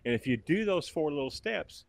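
A man's voice: fairly high pitch, lively intonation, moderate pace, vocal fry. A man on a casual podcast, emphatically laying out business advice point by point. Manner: emphatic, lays out points step by step.

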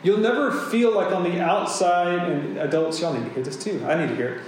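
A male pastor gives a sermon in a relaxed, conversational tone, slipping in chatty asides. His voice sits a little high and echoes heavily around a large room. A faint hum runs underneath. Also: fairly quick. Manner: casual, conversational preaching with asides.

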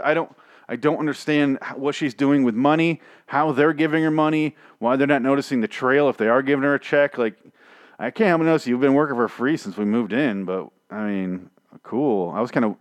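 A man's voice: mid-range voice, dry recording. A man reviewing a TV show in a rambling, profane, sarcastic casual rant.

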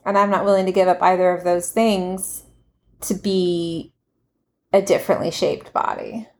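A woman's voice: lowish voice, fairly even intonation, normal speed, darkish tone. A woman co-hosting a podcast, speaking frankly and affectionately in casual conversation. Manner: frank, affectionate, matter-of-fact. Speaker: podcast co-host.

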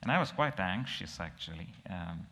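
A middle-aged man preaching, telling a personal story in a halting, emotional, reflective way. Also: low voice, expressive, bright, forceful tone, big-room sound.

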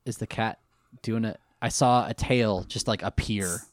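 A man co-hosting a casual recap chat, jokey and animated, breaking into goofy voices. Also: lowish voice, measured pace. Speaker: podcast co-host recapping an anime.

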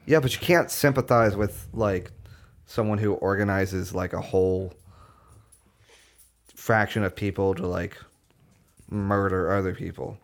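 A man's voice: sits low, fairly even intonation, a little slow, pauses often. A man co-hosting a podcast, retelling film scenes in a loose, casual way and cursing now and then. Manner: loose and casual, drops in curse words. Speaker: podcast co-host. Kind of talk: casual film-discussion chat.

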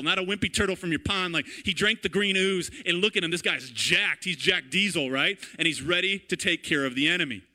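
Bright-voiced animated man preaching. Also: sits high. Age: 30s. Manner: animated, conversational, repeats "right?" and "all right?". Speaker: pastor. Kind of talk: sermon.

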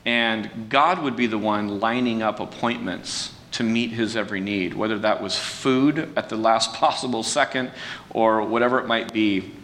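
Folksy pastor in an echoing hall. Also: male voice, a bit bright. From California. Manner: folksy, self-deprecating, with frequent restarts and fillers. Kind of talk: conversational sermon talk. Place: church sanctuary. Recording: distant mic with long hall reverb and faint rumble.

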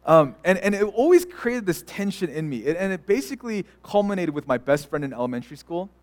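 A man's voice: sits high, big pitch swings, brisk. A young adult man, a pastor, preaching a sermon in a chatty storytelling way with many fillers and restarts. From United States.

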